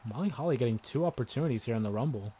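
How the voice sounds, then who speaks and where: Excitable man commenting on a live stream. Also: mid-range voice, racing, slight background noise. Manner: chatty, excitable, yells at the game. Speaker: gaming livestream host. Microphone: desk microphone with headphones listeners.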